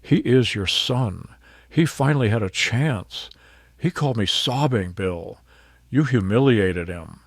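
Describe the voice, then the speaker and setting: A man voicing a furious middle-aged wife who yells in a shrill, accusing way, in a dramatic audio story. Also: moderate pace, no echo, studio quality, close to an everyday voice. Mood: angry. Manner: shrill, yelling.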